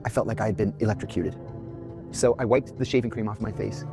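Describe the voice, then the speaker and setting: A man telling a dramatic personal story in an animated way. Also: fairly low pitch, fast talker, over music.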